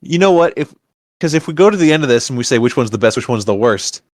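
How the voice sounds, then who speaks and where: A man co-hosts a podcast in casual chat. He speaks at a mid pitch with a blunt, playful, ribbing manner. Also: lively intonation, quick pace. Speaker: podcast co-host.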